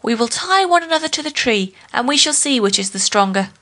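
A woman's voice: sits high, lively intonation, brisk, pushed and bright, pitched above the performer's own voice. A woman voicing a sly, boastful male spider trickster in a storybook tale, crafty and wheedling. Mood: scheming.

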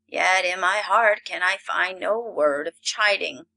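A woman voicing a stern, grizzled old male forest lord in a storybook reading, speaking slowly and solemnly. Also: fairly low pitch, vocal fry, sharp tone, exaggerated voice, rough recording. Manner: slow, solemn, commanding.

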